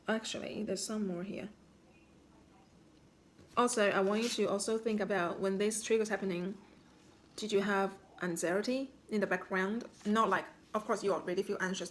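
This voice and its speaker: Woman coach talking calmly, asking reflection questions, middle pitch, bit of faint noise. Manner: calm, instructive, asks reflective questions. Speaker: spiritual healing coach. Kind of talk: guided self-reflection talk.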